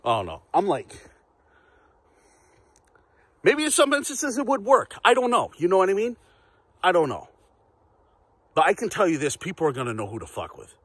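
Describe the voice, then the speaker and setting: A man's voice: high voice, wildly swooping pitch, moderate pace, long pauses, a bit bright, slightly rough, no room sound. A man ranting casually to camera in a vlog, profane, rambling and repetitive. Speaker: vlogger.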